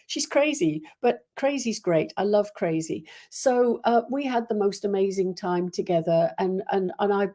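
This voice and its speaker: A woman's voice: mid-range voice, mellow. A woman from Wales with a Welsh accent hosts a live stream, chatting in a rambling way with many fillers and restarts as she greets her viewers. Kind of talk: casual live-stream chat.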